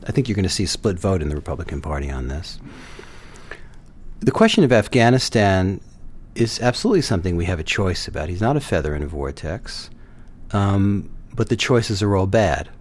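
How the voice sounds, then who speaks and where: A man speaks in a somewhat low voice on a political panel. He talks in a measured, hesitant way, pausing on fillers and restarting his sentences. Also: expressive. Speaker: guest commentator.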